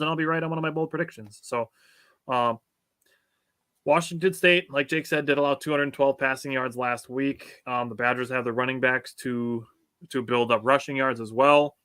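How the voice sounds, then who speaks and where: A man's voice: mid-range voice, pushed and bright, no echo, clean studio sound. A man co-hosting a sports podcast in casual chat, laughing often and reading out listener comments. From United States. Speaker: podcast co-host.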